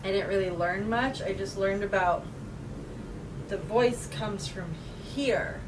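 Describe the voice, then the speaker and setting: A woman talking casually to the camera in a vlog, relaxed and chatty, trying to enunciate clearly. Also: mid-range voice, unhurried, far from the mic, noisy background. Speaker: vlogger.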